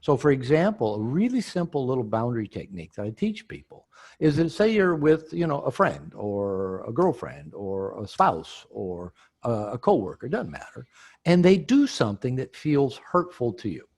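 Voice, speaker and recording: Husky-voiced man explaining with lively pitch. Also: moderate pace. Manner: explanatory, acts out example dialogue. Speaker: author and guest. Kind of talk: podcast interview, teaching.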